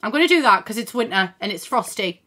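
A woman's voice: mid-range voice, animated, fast talker, bright, forceful tone. A woman streamer chatting casually as she plays, thinking aloud, reading out chat and swearing now and then, on a desk microphone at her home computer. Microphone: desk microphone in front of screen.

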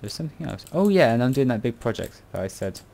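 A man's voice: medium pitch, sing-song, quick pace, creaky, a little mellow. A British man giving casual commentary on a building tutorial, rambling and muttering to himself with self-mocking asides. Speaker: game tutorial creator.

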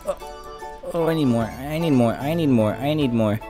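A man's voice: medium pitch, normal speed, music in the background. A young man giving rambling, goofy gameplay commentary, swearing often and breaking into sing-song exclamations. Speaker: gaming YouTuber.

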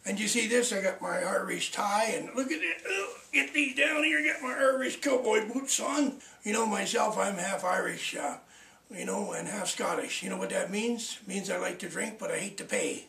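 A man's voice: high-pitched, normal speed, creaky, a bit bright. A man from Canada telling jokes to the camera in a folksy way, laughing at his own punchlines. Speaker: comedian. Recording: roomy, from off the mic.

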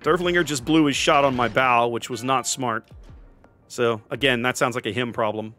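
A man's voice: mid-range voice, moderate pace, bright, forceful tone, faint music behind. A man casually commentating his own naval battle game, joking and sarcastic with theatrical asides. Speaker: gameplay commentator.

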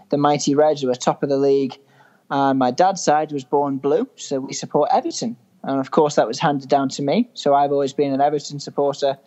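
A man's voice: mid-range voice, a little mellow, lo-fi sound. A young man from England with a mild northern English accent, a podcast guest telling stories in a chatty, good-humoured way. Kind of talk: casual chat.

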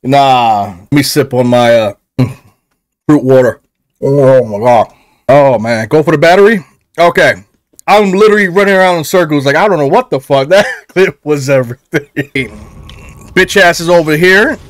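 A young man giving loud, excitable, profane live commentary while playing a game on a headset, laughing often. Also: a little high, normal speed, no echo. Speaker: gaming streamer.

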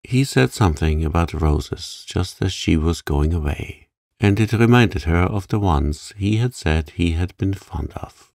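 A man gently narrating a sleep story for adults in a calm, unhurried reading. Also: sits low, gravelly, dry recording, clean studio sound.

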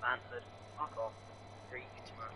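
Give me an excitable young gamer ranting at a football match on stream, with game sound loud behind him. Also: male voice, mid-range voice, takes it slowly, slight background noise. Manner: excitable, swearing, shouting outbursts at the game. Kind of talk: live gaming stream chat.

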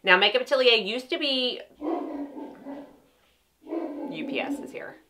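A woman's voice: on the high side, fairly quick, over loud music. A middle-aged woman, a makeup artist chatting casually and enthusiastically about her palettes to the camera, often restarting her sentences.

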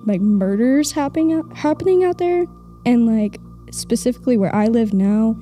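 A young woman from Oklahoma speaks on a live stage, her mellow, fairly high voice full of filler words and nervous laughter. Faint music plays in the venue behind her. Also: expressive, normal speed. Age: young adult. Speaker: audience member telling a story. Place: stage of a live event in a castle.

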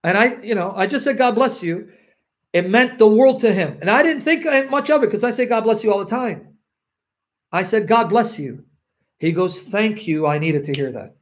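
A man preaching to an online audience, acting out selfish voices that defy God and repeating phrases for emphasis. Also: high-pitched. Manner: acts out selfish voices talking back to God, then tells a personal story. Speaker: Christian preacher.

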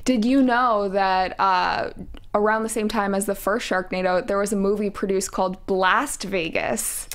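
A woman's voice: medium pitch, steady tone, measured pace. A woman hosting a studio interview, upbeat and encouraging, keeping the chat moving. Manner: upbeat, encouraging, frequent mm-hmms. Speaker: interview host. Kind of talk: casual interview.

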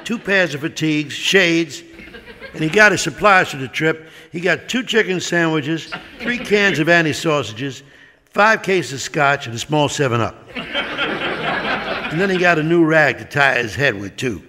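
A male comedian tells a stand-up story in an animated, swooping voice that sits a bit high for a man. A long stage reverb and steady hiss surround it, as on a live recording. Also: moderate pace, a crowd in the background.

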